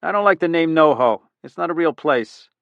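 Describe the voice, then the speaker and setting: A man voicing a gruff, blustering middle-aged police chief who snaps out his orders. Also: fairly high pitch, lively intonation, normal speed, dry recording, phone-quality sound, voice pushed up. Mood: irritable. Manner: snappish, barking.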